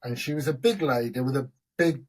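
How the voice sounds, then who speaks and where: A man's voice: medium pitch, a little mellow. A middle-aged man, telling rambling stories in a casual chat and laughing as he goes. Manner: rambling, chatty storyteller, quick to laugh. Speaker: host.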